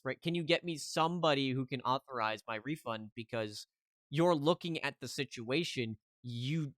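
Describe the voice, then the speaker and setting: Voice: medium pitch, fairly bright tone, dry recording, clean studio sound. A streamer telling a story to chat in a heated, casual rant, keeping on asking "right?".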